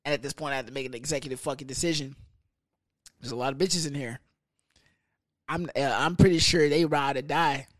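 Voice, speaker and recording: A young man hosting a podcast, telling a story in a casual, profane, animated way with laughs. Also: mid-range voice, brisk, pauses often, no echo, clean studio sound. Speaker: podcast host.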